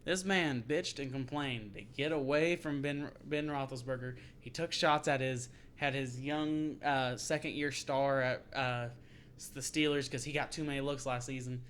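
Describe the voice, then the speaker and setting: A man's voice: mid-range voice, fairly even intonation, moderate pace, a bit bright, a little hiss or hum. A young man rants through a casual sports podcast. He swears freely, laughs often and talks in bursts. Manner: profane, ranting, laughs often. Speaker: podcast co-host.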